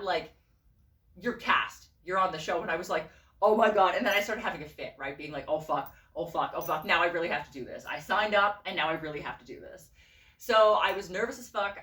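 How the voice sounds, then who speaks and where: A woman telling a story in a casual vlog, swearing freely and acting out the voices of the people she quotes. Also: on the low side. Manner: animated, profane, acts out quoted voices. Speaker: vlogger and costume designer. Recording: roomy and a bit distant from the mic.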